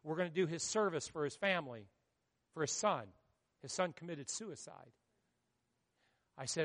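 High-voiced dramatic male preacher. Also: lively intonation, moderate pace, big-room sound. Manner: dramatic, swings from hushed to shouting. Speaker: pastor. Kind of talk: sermon.

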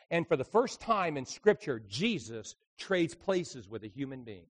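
A man, a traveling evangelist, preaching a sermon full of lively stories, dropping to quiet asides and then rising into loud, emphatic bursts. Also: mid-range voice, unhurried, hardly any pauses. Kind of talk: sermon with storytelling.

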